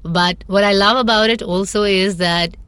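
A woman from India, a celebrity stylist, chatting casually as a guest with lots of fillers and animated asides. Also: medium pitch, normal speed, clear, resonant tone, dry recording. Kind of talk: casual interview chat.

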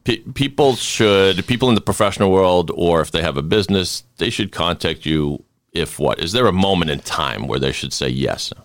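A man's voice: low-pitched, lively intonation, moderate pace, no echo. A man from hosting a podcast in a rambling, stammering, jokey way. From Boston. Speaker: podcast host. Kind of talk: casual podcast chat.

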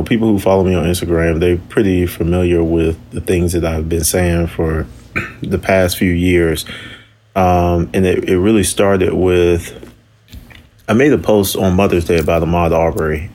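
Deep-voiced golfer guest, measured. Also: male voice, a little mellow. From Florida. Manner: measured, reflective, with fillers. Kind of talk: casual podcast interview.

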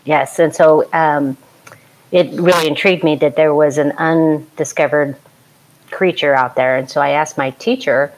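A woman from California, an anthropologist and archaeologist, telling stories in a lively, rambling way with many restarts. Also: low-pitched, moderate pace, low-quality recording. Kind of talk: conversational storytelling.

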